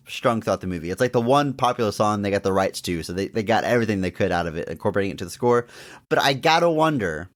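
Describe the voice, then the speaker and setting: Chatty laughing podcast man. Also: fairly low pitch. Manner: chatty, laughs often, restarts and fillers. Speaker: podcast co-host. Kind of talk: casual movie discussion.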